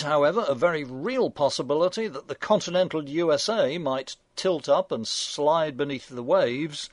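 A man's voice: mid-range voice, no room sound. A man hosting a radio show, reading scripted satirical commentary in a dry, sardonic, mock-indignant manner.

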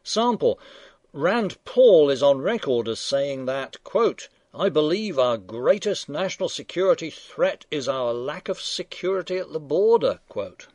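A man's voice: medium pitch, darkish tone, dry recording. A man hosting a radio show, reading scripted satirical commentary in a dry, sardonic, mock-indignant manner.

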